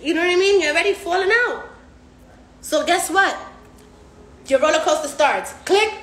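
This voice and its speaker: A woman with a very high voice hosts a casual live stream from a recovery house, talking at a moderate pace in slangy, profane language. She's animated and acts out patients' voices as she goes. The room is echoey, with slight background noise.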